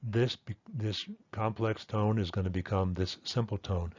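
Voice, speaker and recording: A man with a fairly low voice gives a patient, step-by-step language lesson. He repeats each example word slowly, sounding it out more than once. The recording is dry and a little dull and lo-fi. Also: darkish tone, breathy edge, dry recording. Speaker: Thai language teacher. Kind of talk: explanatory lesson.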